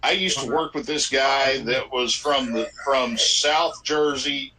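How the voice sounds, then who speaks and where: A man's voice: medium pitch, takes it slowly, sharp tone, slight background noise, low-quality recording. A man from Arkansas with a Southern accent, chatting casually with a folksy, wisecracking manner. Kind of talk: casual chat.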